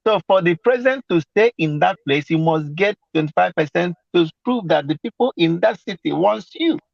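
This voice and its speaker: A man's voice: high-pitched, lively intonation, moderate pace, vocal fry, no room sound. A man, co-hosting a casual political discussion, explaining hesitantly with many fillers. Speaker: podcast co-host. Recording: dry, dull lo-fi audio.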